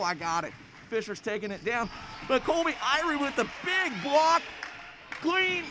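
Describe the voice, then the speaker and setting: A man's voice: sits high, noisy background. A man calling a school basketball game play by play in a folksy, chatty way, talking straight to the fans from a school gym. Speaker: play-by-play announcer. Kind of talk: live basketball commentary.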